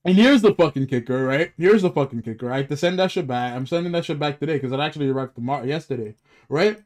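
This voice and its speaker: A man's voice: on the high side, fast talker, a little mellow. Swearing young man ranting casually. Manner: profane, rambling complaints with restarts. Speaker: podcast co-host. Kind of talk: casual chat.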